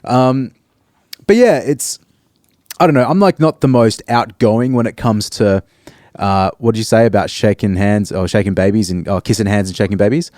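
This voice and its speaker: A man in his thirties with an Australian accent, co-hosting a casual podcast chat in a reserved, halting way with many ums. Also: lowish voice, a little mellow, dry recording, clean studio sound. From Perth, Australia. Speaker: podcast co-host.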